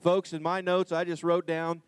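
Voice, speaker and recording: Auction guy hyping up the lots, all fired up and folksy, kinda high smooth voice. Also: flat delivery, normal speed, no echo. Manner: enthusiastic, folksy hype. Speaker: auction ring man and announcer. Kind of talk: sales pitch between bids. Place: livestock auction ring.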